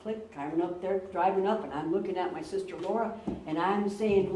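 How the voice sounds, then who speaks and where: A woman's voice: lowish voice, brisk, mellow, a little hiss or hum. Distant woman preaching in an echoey church. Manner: earnest storyteller, repeats words for emphasis. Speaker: pastor. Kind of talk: sermon with personal stories. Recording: roomy church, recorded from a distance.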